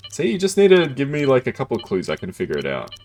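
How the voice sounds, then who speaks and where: A man's voice: medium pitch, huge pitch swings, quick pace, darkish tone. A man casually commenting as he streams a detective game, playful and self-deprecating, breaking into giggles.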